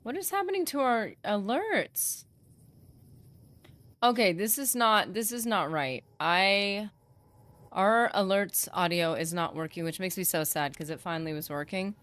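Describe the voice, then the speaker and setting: A woman game streamer chats with her viewers in a casual, rambling way. Her tone is playful and quick to laugh. Her voice sits at a middle pitch. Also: animated, fairly bright tone. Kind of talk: live gaming stream chat.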